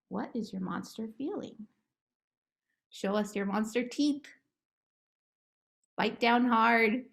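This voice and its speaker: A woman therapist talking about her work and gently guiding a relaxation game for children, in a slow, coaxing way. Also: medium pitch, gravelly. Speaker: play therapist. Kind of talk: guided relaxation script for children.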